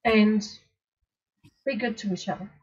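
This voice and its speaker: Laid-back lady cohost, bit husky, muffled lo-fi sound, lots of ums. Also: mid-range voice, a little slow, a little mellow. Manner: easygoing, trails off with fillers and little laughs. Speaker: co-host of a vaping show. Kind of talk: casual sign-off chat. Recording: dull lo-fi sound.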